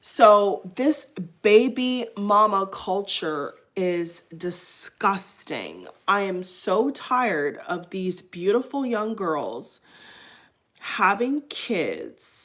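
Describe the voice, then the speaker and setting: A woman's voice: medium pitch, big pitch swings, very slow, a bit bright. A woman vlogger giving opinionated commentary to camera, emphatic, repeating her phrases and speaking straight to her viewers.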